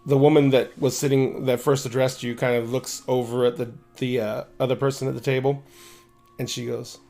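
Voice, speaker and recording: Quick-talking male game master. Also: medium pitch, little pitch movement, warm tone, faint music behind. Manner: quick, with many restarts. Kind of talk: narrating a tabletop game.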